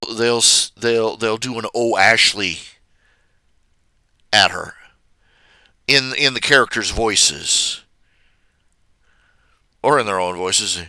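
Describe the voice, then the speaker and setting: A man's voice: on the low side, slow, long pauses, sharp tone, no echo. A man chatting casually on his live stream, rambling with many fillers and restarts.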